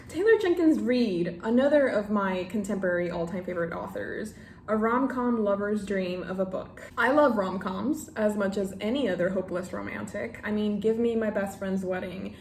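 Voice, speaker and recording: A woman's voice: medium pitch, a little mellow, slight background noise. A young woman chatting in a reading vlog, gushing and tearing up as she opens gifts from friends. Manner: gushing, emotional, laughs and teary outbursts. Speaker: book vlogger. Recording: echoey room with faint ambience.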